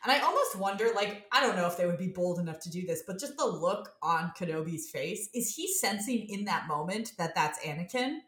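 Woman with a lowish voice, earnest and analytical, casual chat, echoey room. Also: lively intonation, fairly quick, few pauses, fairly bright tone. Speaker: podcast co-host. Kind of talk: casual fan discussion. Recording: roomy echo.

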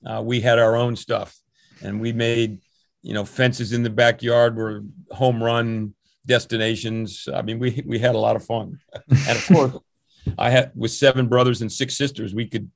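An older man with a gravelly, creaky voice, recorded dry and close, tells long stories as a veteran coach. He rambles warmly from anecdote to anecdote, with plenty of restarts and small chuckles. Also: mid-range voice, level tone, moderate pace, dry recording. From New Jersey, USA. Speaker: swim coach. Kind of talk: relaxed interview storytelling.

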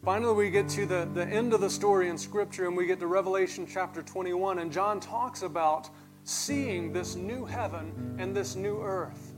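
Pastor, male, high voice, earnest sermon delivery with guitar playing under it. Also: rough recording. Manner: earnest, building to emphatic peaks. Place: church sanctuary. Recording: clear music underneath. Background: soft guitar music.

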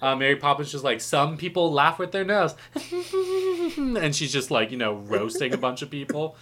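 A man's voice: a little high, expressive, fairly quick, bright, forceful tone, a little hiss or hum. A man in casual chat recapping a film, joking, swearing and acting out quotes. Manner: profane, joking, acts out quotes.

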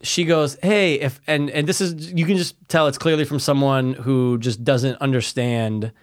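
Young male co-host, casual crude chat, lively quoting storyteller. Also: medium pitch, moderate pace. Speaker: podcast co-host.

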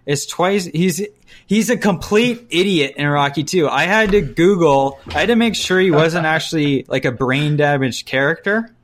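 A man co-hosting a casual chat about movies, ranting bluntly and breaking into quick mimicked voices. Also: a little high.

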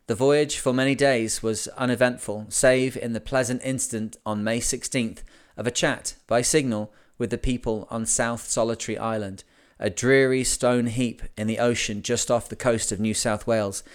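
A man hosting a podcast, reading an old sea memoir aloud in a measured, deliberate way. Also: mid-range voice, level tone, clear, resonant tone. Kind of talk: audiobook narration of a memoir.

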